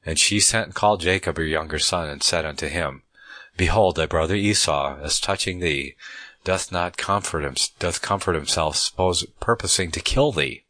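A man teaching from the Bible, reading the passages aloud at a measured pace and breaking off to comment on them in a conversational way, often restarting his sentences. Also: sits low, bright, forceful tone, dry recording.

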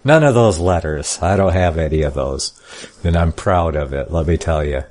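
Low-voiced male Bible teacher; reads scripture, then comments in a folksy, plainspoken way. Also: moderate pace, darkish tone. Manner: reads scripture in King James style then comments casually. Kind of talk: Bible study reading and commentary.

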